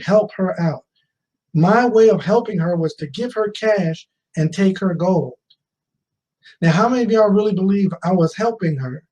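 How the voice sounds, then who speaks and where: Speaking in a high voice with a dark tone, a fifty-something man relates a personal story to a conference audience, questioning them and repeating key phrases for emphasis. The audio quality is poor, and the talk is a motivational storytelling speech.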